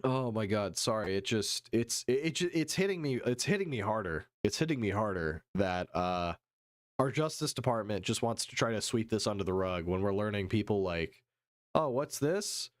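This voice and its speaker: A man live-streaming, reading news haltingly and riffing profanely with his chat. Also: lowish voice, animated, no room sound, studio quality. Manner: profane, reads chat aloud and riffs; reads news text haltingly with fillers.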